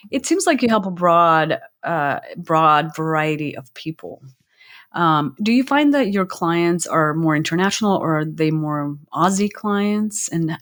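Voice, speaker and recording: A woman with a slightly low voice hosts an interview podcast. She chats in an easygoing way, stumbling and restarting her sentences as she asks her guest questions. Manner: chatty, laughs easily, hesitant restarts. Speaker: podcast host. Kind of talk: casual interview talk.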